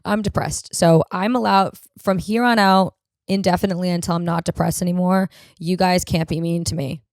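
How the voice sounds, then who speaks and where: A woman with a deep, raspy voice rambles through comic stories as a podcast host. She talks casually and bluntly, with plenty of swearing. Her voice sounds close and dry, with no room around it. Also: steady tone, a little fast, darkish tone, dry recording. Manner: blunt, profane, rambling storyteller. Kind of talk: casual comedic monologue.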